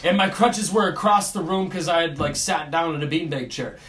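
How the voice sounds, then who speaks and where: High bright-voiced young man, profane storyteller. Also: fairly quick, reverberant, recorded from a distance. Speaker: podcast co-host. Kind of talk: casual storytelling chat.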